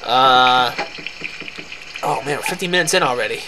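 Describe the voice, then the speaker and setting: A man's voice: medium pitch, normal speed, background noise. A tired man rambling through casual commentary on a farming game he is playing. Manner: rambling, self-deprecating, many restarts. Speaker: let's play host. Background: loud game music.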